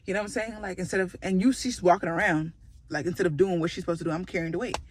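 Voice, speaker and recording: A woman telling a story in a casual vlog, chatty and animated, with lots of fillers and laughter. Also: fairly low pitch, rapid-fire, slight background noise.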